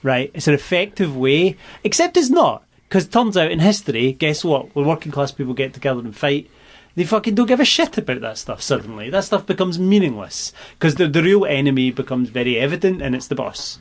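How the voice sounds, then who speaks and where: A man's voice: fairly high pitch, sing-song, fairly quick. A man in casual political chat, emphatic and sweary, stumbling over restarts and tag questions. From Britain.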